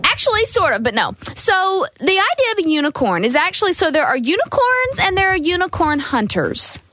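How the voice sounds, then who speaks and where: A woman guest on a radio talk show, explaining a topic in a quick, eager way. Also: very high voice, big pitch swings, bright, forceful tone, slight background noise.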